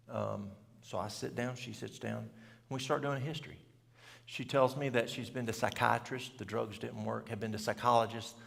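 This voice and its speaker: A man tells a story in a plain, country way, now and then putting questions to his listeners. His voice is gravelly with deep fry, at a mid pitch. It rings with the long reverb of a church hall. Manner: folksy, talks country, asks the audience questions. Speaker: health speaker. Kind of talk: storytelling talk at a church event.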